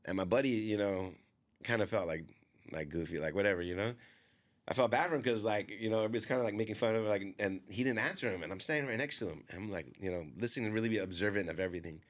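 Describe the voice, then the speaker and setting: In a relaxed podcast conversation, a fast-talking man with a somewhat low voice tells a long, rambling story. He peppers his sentences with small fillers and keeps quoting what other people said.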